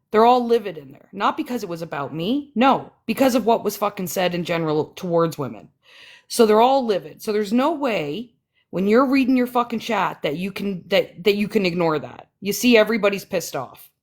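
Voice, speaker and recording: A woman ranting heatedly on her livestream, profane, combative and sarcastic. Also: medium pitch. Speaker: livestream host.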